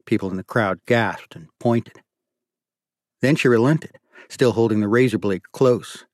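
A man's voice: lowish voice, measured pace, no echo. Male audiobook narrator with a dry sound. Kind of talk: scripted narration.

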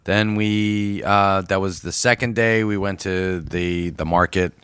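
A man's voice: low-pitched, fairly even intonation, a little slow, fairly bright tone, clean tone, no room sound. An American man co-hosting a podcast, telling travel stories in laid-back casual chat with lots of fillers. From United States. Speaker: podcast co-host.

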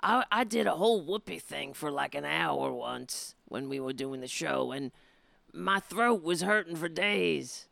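A woman's voice: on the low side, gravelly, sharp tone, no room sound. A woman hosting a commentary show, mocking and blunt, with profane asides. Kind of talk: sarcastic political commentary.

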